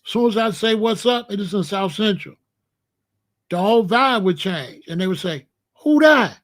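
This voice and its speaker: A man from Chicago talks through a story in loose, slangy street talk and puts on the voices of the people in it. His voice sits notably high for a man. The delivery is relaxed and conversational, like a host speaking straight to his audience. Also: normal speed. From Chicago, USA. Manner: animated, slangy, acts out the other people's lines. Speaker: show host. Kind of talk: casual storytelling monologue.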